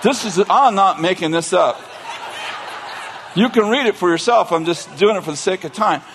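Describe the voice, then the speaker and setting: A man's voice: sits high, moderate pace, a faint crowd, slight background noise. A man preaching a sermon, retelling a story in a casual, joking way, laughing often and breaking into asides and restarts. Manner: animated, joking, laughs often between lines. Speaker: pastor.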